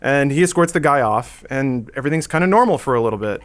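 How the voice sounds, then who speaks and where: A man with a mid-range voice tells a long story on a podcast in a relaxed, conversational way. He is animated and keeps slipping into the voices of the people he describes. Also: medium pitch, quick pace. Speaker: podcast regular. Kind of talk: casual anecdote storytelling.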